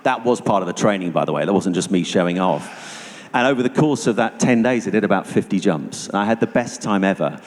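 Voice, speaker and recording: Man, very low voice, vivid storytelling, hushed at tense moments, long church-hall reverb. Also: lively intonation, fairly quick. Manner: vivid storytelling, dropping to hushed tones for tension. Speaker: guest speaker. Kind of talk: personal testimony told to an audience.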